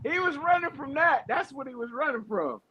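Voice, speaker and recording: A man's voice: very high voice, expressive, fairly quick, bright, forceful tone, no room sound, dull audio. A man chatting on a live stream, teasing and laughing a lot. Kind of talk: casual chat.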